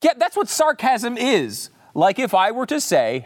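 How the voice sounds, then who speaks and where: A man's voice: sits high, huge pitch swings, measured pace, few pauses. A man hosting a podcast, giving opinionated commentary in a mocking, incredulous way and mimicking the people he quotes. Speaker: podcast host.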